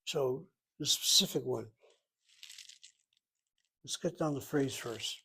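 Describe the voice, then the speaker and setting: A man giving a recorded Hebrew lesson, slowly explaining syllables and vowel marks. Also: medium pitch, gravelly, bright, forceful tone, slight background noise, rough recording. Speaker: Hebrew teacher. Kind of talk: recorded independent-study lesson.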